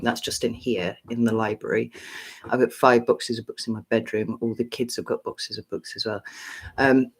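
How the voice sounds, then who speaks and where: A middle-aged English woman hosting a casual live stream, greeting viewers by name and clearing her throat often. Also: a bass voice. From England.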